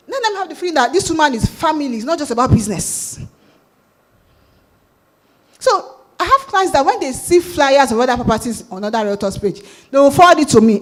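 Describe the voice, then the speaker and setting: A woman with a Nigerian accent giving a sales talk at a conference, lively and asking the audience questions. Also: high-pitched, a little fast. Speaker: conference speaker. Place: conference hall.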